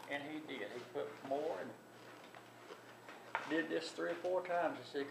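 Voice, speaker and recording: A man's voice: a little high, normal speed, vocal fry, long pauses. An older man telling a family story in a rambling, folksy way with many restarts. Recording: distant echoey recording with loud background noise.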